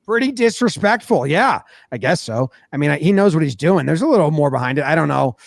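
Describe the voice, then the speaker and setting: A man recapping a baseball game in a casual, animated way, storytelling with lots of energy. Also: on the high side, brisk, vocal fry, dry recording, studio quality. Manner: animated storytelling, acts out players' voices. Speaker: sports commentator.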